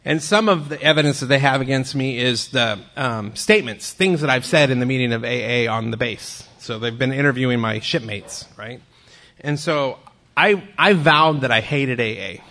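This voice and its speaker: An older man shares his recovery story in a talk, with a bright, forward voice. His delivery is wry and self-mocking, with campy asides. He lands his punchlines with timing. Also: medium pitch, moderate pace. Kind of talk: humorous personal storytelling talk.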